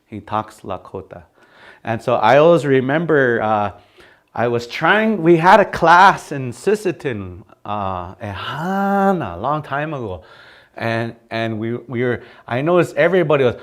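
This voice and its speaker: A man's voice: mid-range voice, animated, measured pace. A man teaching a language class in a casual, chatty way, laughing often and acting out how phrases should sound.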